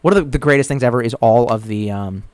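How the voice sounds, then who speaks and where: A man's voice: medium pitch, quick pace, darkish tone, clean tone, no echo. A man streaming live, reading viewers' comments and rambling casually with lots of swearing. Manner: profane, rambling, retells jokes with put-on voices. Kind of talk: casual chat.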